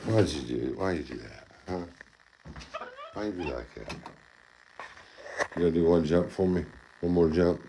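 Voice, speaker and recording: A man with a low, gravelly voice talks playfully to his pet, coaxing and cheering it on. His voice swings up and down a lot as he encourages it. The home recording carries clear background noise. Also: lively intonation, normal speed, pauses often. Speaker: pet monkey owner and channel host. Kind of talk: casual video narration to a pet. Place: indoor home playroom.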